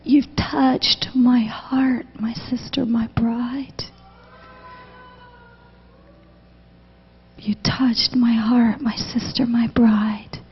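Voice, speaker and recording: A woman preacher voicing a tender male divine figure in a hushed, slow, intimate whispered role-play. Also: high-pitched, fairly even intonation, slightly rough, heavily acted. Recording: dull recording with long hall reverb.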